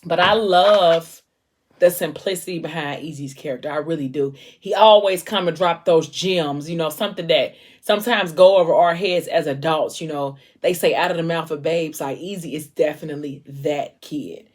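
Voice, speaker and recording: Young woman, low voice, easygoing book-recap vlogger, rambling with fillers. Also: moderate pace, a little mellow. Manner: chatty, meandering retelling with many fillers.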